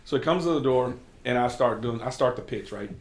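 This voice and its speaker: A man's voice: medium pitch, brisk, reverberant. A man serving as a state representative, from Kentucky, talking candidly in a casual sit-down conversation and telling stories. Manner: candid, storytelling, occasional cursing.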